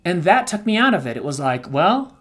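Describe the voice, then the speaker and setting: A middle-aged man co-hosting a podcast, talking candidly and emotionally, his voice swinging between soft and loud. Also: high voice, big pitch swings, fairly quick. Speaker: co-host.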